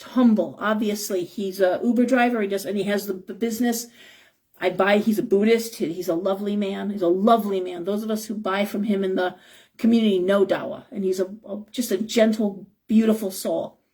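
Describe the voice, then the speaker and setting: A woman's voice: mid-range voice, darkish tone, breathy edge. A middle-aged woman giving a live tarot reading, talking in an impassioned, emphatic, rambling way. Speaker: tarot reader and shop owner. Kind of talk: live-stream tarot talk.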